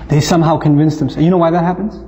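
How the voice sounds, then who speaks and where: Animated male lecturer in a reverberant hall. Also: a little high, very fast. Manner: animated, acts out voices, laughs often. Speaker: Islamic speaker. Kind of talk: lecture on parenting. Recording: long reverb, dull lo-fi sound.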